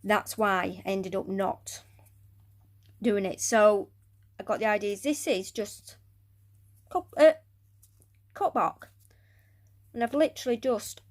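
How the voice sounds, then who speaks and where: A woman chatting casually through a hobby build of a tarantula enclosure, rambling and often dropping to quiet muttering and whispers as she works. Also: medium pitch, slow, pauses often. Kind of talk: casual crafting vlog narration.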